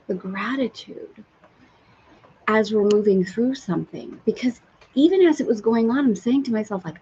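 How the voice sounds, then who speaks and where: A woman's voice: mid-range voice, expressive, slow pace, pauses often, mellow, dull audio, a little hiss or hum. A woman hosting a live stream from a sailboat, telling a candid story and reading viewer comments aloud. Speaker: spiritual teacher and live-stream host.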